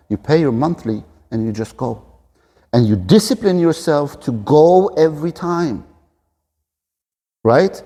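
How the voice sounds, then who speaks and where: A man in his forties talks straight to camera, earnest and direct as he coaches the listener on staying fit. His voice is mellow and relaxed. The sound carries the long reverb of a big gym room. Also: fairly high pitch. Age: 40s. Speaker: fitness and fighting coach. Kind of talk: motivational talk to camera.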